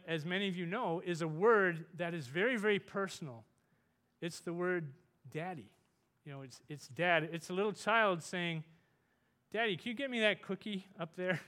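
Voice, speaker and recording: A man preaching a sermon, earnest, rising loud for emphasis and dropping soft on tender points. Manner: earnest, rises in pitch and volume for emphasis, softens for tender points.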